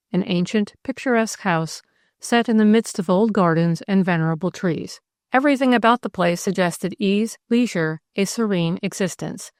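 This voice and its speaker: A woman narrates a classic mystery novel as an audiobook, telling the story in a calm, even way. Her voice is mid-range, and the studio-quality recording has no echo.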